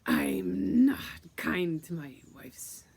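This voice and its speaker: A woman's voice: sits low, wildly swooping pitch, drawn-out words, creaky, darkish tone, exaggerated voice. A woman voicing a cold, cruel male demon in a curt, dismissive way.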